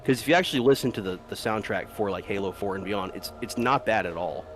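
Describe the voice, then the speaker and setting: A gameplay commentator chats casually as he plays, rambling through stories with swearing and laughter. He talks fast in a lowish voice, with soft music in the background.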